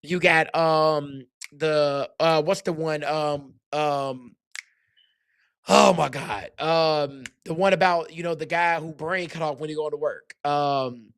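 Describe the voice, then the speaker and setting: Emphatic man ranting, higher voice. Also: steady tone, slow pace, fairly bright tone, smooth, dry recording, studio quality. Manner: emphatic, heated ranting in slang. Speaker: podcast host. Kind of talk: casual sports and culture talk.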